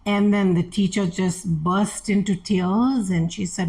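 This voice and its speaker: A middle-aged woman, a guest in an interview, shares candid family stories and animatedly acts out the dialogue she quotes. Her medium-pitched voice moves at an unhurried pace with few pauses, and the audio quality is poor.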